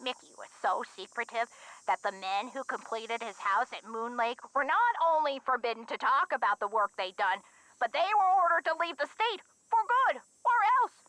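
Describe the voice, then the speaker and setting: A bright, folksy older lady. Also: a little high, sing-song, moderate pace, no room sound, poor audio. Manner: folksy, drawling storyteller. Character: older woman, gangster's former sweetheart, folksy. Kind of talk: video game voice acting.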